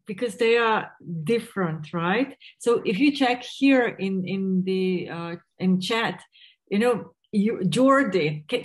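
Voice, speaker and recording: A woman hosts an online talk and speaks slowly. She asks her questions in a halting way, often stopping to restart. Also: medium pitch, low-quality recording. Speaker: moderator.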